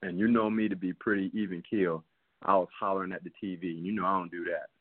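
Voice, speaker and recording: This podcast co-host speaks low and level at a quick clip, his heated rant building in emphasis as he talks sports casually from a home basement. The recording is dry and sounds tinny, like a phone line.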